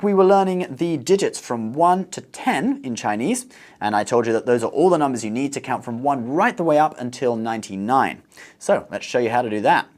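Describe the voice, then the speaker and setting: Lively upbeat man hosting a language lesson. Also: mid-range voice, soft background music. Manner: upbeat and teacherly, slows to model words. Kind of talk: scripted teaching presentation.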